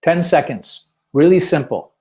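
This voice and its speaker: A man's voice: a little high, lively intonation, a little slow, warm tone. A man hosting a casual webinar, chatty and self-deprecating, with lots of fillers as he tells stories. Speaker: webinar host. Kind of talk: casual webinar talk with storytelling.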